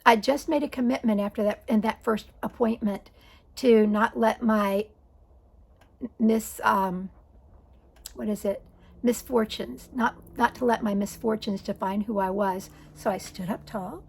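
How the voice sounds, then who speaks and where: A woman's voice: medium pitch, steady tone, a little slow, creaky, breathy edge. A woman in her sixties telling a personal story in a conversational, wry way, correcting herself as she goes. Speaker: vlogger.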